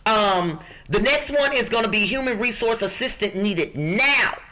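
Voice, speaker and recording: A woman from Chicago reading out job listings on a podcast in a rough, low voice, emphatic and bossy. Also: lively intonation, measured pace, background noise. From Chicago, USA. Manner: emphatic, bossy, talks back to co-hosts. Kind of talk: lively podcast talk.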